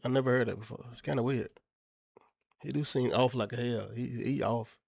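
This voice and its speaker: A man's voice: mid-range voice, steady tone, normal speed, vocal fry, darkish tone, breathy edge, no room sound, clean studio sound. A man hosting a reaction video, talking in a rambling, slangy, incredulous way. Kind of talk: casual reaction commentary.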